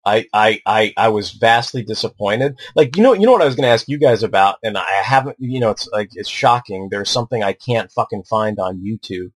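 A man's voice: on the low side, expressive, fairly quick, few pauses, breathy edge, dry recording. Rambling, swearing man on a podcast. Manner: rambling, stammering, swears freely, heavy filler words. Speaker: podcast co-host. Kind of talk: casual podcast chat.

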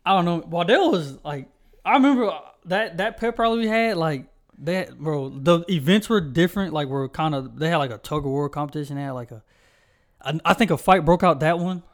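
A man's voice: a little high, a little fast. A young man co-hosting a podcast, telling stories in a rambling casual way, full of fillers. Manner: rambling storytelling with many fillers. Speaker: podcast co-host. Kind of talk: casual chat.

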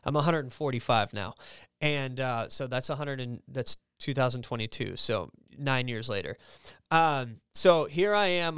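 A man in his thirties telling a personal testimony as a podcast guest, casual and animated, often slipping into other people's voices as he retells what they said. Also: clear, resonant tone, no echo, studio quality. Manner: animated, acts out quoted voices in a raised pitch; casual, filler-heavy with frequent restarts.

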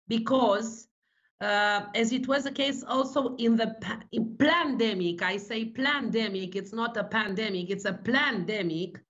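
A woman from Romania with a Romanian accent, speaking English as a second language, answers interview questions as a senator in an earnest, halting way full of fillers. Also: fairly high pitch, a bit bright, dull audio. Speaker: senator guest.

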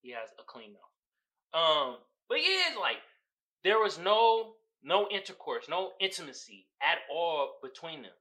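A fairly high-pitched, pushed and bright voice with large pitch swings belongs to a young San Francisco Bay Area man hosting a podcast. Speaking a little slowly, he rants about a movie in casual, profane slang and laughs a lot. The recording quality is low.

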